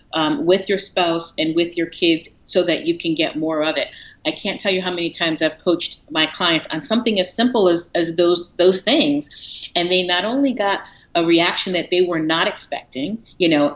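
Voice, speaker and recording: A woman's voice: on the low side, fairly bright tone. A woman coach, a guest on a talk show, speaking chattily with frequent fillers and easy laughs. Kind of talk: casual interview chat. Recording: dull lo-fi line.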